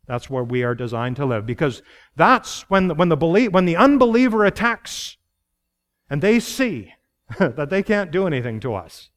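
Earnest preacher man, higher-pitched. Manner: earnest preaching, rising emphasis on key phrases, asks the congregation questions; laughs lightly between points. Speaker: pastor. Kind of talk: sermon.

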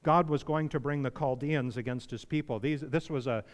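A pastor with a mid-range voice speaks at a moderate pace in a room with long hall reverb. He preaches conversationally, asks his listeners questions, and turns emphatic, even pleading, when voicing others.

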